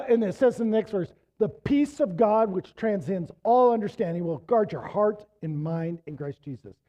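A middle-aged man preaching a sermon with a slightly high voice that is wearing thin. He tells stories casually, then pushes into emphatic exhortation. The recording sounds muffled and lo-fi. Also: expressive, normal speed, few pauses. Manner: conversational storytelling, rising to emphatic exhortation. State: losing his voice. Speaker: pastor.

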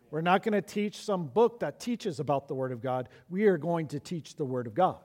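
A man's voice: on the high side, expressive, normal speed, darkish tone. Emphatic man preaching a sermon. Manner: emphatic preaching, repeats key lines for stress. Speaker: pastor.

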